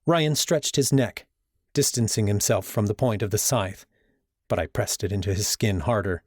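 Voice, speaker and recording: A man narrating a first-person fantasy novel as an audiobook, in a steady storytelling manner. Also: on the low side, normal speed, no echo, clean studio sound.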